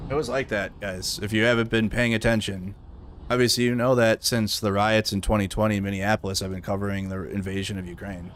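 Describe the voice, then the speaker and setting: A man's voice: lowish voice, a little hiss or hum. A man hosting a live news commentary stream, talking bluntly and with profanity. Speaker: livestream news host.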